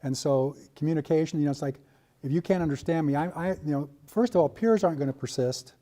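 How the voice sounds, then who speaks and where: A man running a training workshop talks fast in a fairly high voice. He coaches the group and jokes with the participants. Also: mellow. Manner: brisk, coaching, joking with participants. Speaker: workshop presenter. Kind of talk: workshop facilitation.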